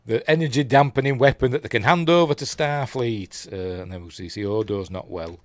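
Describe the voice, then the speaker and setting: A man with a Yorkshire accent, his voice going hoarse, rambling through a live casual episode recap with lots of ums and asides. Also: mid-range voice, fairly quick, no room sound. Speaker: streamer reviewing TV episodes.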